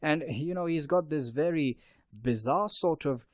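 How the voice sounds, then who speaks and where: A podcast host with a fairly high voice discusses a novel at a measured pace, earnest and discursive, often restarting his sentences. The book review is recorded in clean studio sound with no echo.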